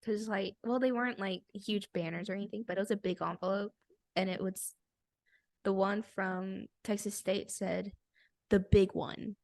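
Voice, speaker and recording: A woman's voice: mid-range voice, fairly even intonation, moderate pace, a little mellow, dry recording, studio quality. A young woman co-hosting a podcast, telling a story in casual chat, bubbly and laughing often. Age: young adult. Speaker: podcast co-host.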